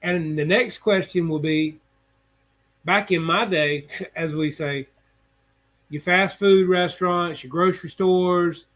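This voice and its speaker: Folksy middle-aged man with a higher voice. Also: a bit bright. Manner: plainspoken, folksy, retells conversations with asides to viewers. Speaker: host of a live hobby stream. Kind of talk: casual storytelling chat.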